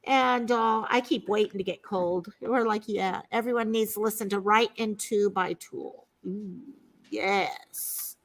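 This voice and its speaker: A woman's voice: steady tone, a little slow. A woman hosting a casual livestream chat from home, talking to viewers and her pets. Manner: chatty, talks to her pets in a high sing-song voice. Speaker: livestream host.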